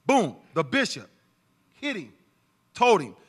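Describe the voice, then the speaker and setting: A man's voice: high voice, sing-song, takes it slowly, slightly rough. A man giving an emotional church testimony, earnest and preaching to the congregation.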